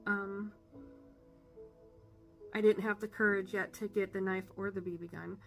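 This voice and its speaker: A woman giving an earnest personal faith testimony, halting with fillers and emotional. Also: medium pitch, fairly even intonation, gravelly, faint music behind. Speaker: testimony speaker.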